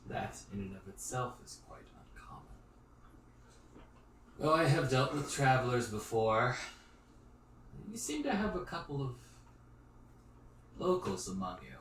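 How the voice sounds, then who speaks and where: A man voicing an older, sour-faced village mayor who speaks slowly and formally, recorded from a distance in an echoey room. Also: mid-range voice, sing-song, fairly bright tone, pitched above the performer's own voice. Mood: formal, guarded. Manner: slow, formal, measured speech. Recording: roomy echo, distant mic, faint noise.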